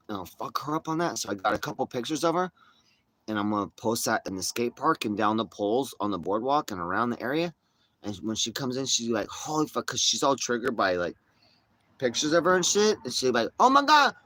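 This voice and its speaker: Bright-voiced dude rambling to his stream, swears a lot, lots of slang. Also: lowish voice, no echo. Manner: rambling, profane, slangy storytelling. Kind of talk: casual chat to viewers.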